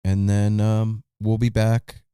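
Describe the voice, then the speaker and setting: An easygoing man hosting a podcast, with a lowish, mellow voice. His speech is smooth and clear. It sounds close and dry. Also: monotone, slow pace, dry recording. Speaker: podcast host. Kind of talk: casual chat.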